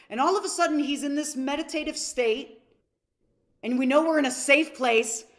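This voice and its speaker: High-voiced woman coaching a live masterclass. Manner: storytelling, asks audience questions, acts out quotes. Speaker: seminar coach.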